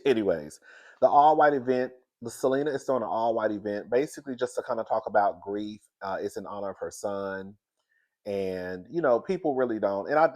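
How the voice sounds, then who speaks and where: Chatty stuffy-nosed man with a low voice. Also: darkish tone. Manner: chatty, talks to listeners as "girl". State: stuffy nose from crying. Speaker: reality TV recap host. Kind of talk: casual recap chat.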